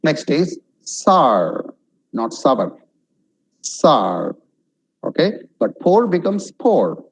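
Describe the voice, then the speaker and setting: A man teaching English pronunciation and vocabulary in an online lesson, drilling single words slowly for learners to repeat. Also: a little high, wildly swooping pitch, gravelly, a little mellow, slightly rough, low-quality recording.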